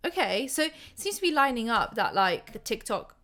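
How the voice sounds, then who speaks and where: A woman's voice: a little high, very animated, moderate pace, a bit bright. A woman hosting a storytime commentary channel, rambling casually, swearing and saying "like" a lot.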